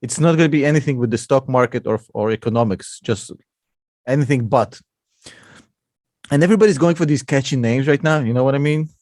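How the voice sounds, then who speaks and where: A man's voice: mid-range voice, fairly quick, a little mellow, no room sound, studio quality. A man, an investor and podcast co-host, chatting casually and joking a lot. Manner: laughs a lot, calls people bro.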